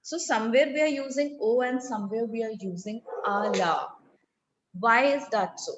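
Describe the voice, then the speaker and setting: Patient Indian English teacher with a high voice. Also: female voice, lo-fi sound. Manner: patient, explains slowly step by step. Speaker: French teacher. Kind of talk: online classroom lesson.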